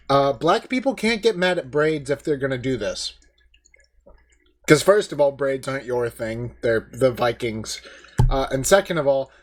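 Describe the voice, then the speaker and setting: A man hosting a commentary video, talking in a casual, mocking, indignant way with many fillers. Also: mid-range voice.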